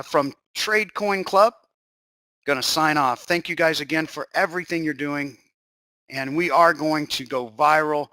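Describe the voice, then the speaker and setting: A man speaking into a computer microphone, his bright voice sitting a little high. He pitches to a live webinar audience with eager, rambling enthusiasm and fields questions from the chat. The sound is dry and close. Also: no echo, low-quality recording. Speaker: webinar host.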